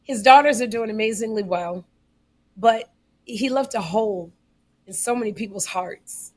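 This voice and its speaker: A woman co-hosting a podcast, telling a story in casual comedic style, animated and getting loud on punchlines. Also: mid-range voice, moderate pace. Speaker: podcast co-host.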